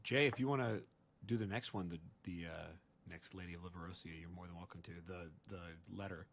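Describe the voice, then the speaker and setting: A man's voice: low voice, brisk, fairly bright tone, slight background noise. A man running a casual group segment, joking and playful as he prods the others.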